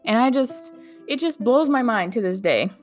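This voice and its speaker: A woman's voice: fairly high pitch, animated, moderate pace, soft background music. A young woman who works in a medical clinic tells a casual personal anecdote, chatty and incredulous, saying "like" often and laughing through it.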